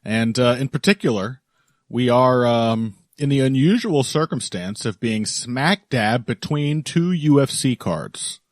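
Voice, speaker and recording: A man hosting a podcast in relaxed, chatty talk, laughing often. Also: medium pitch, measured pace, dry recording, studio quality. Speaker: podcast host. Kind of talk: casual podcast chat.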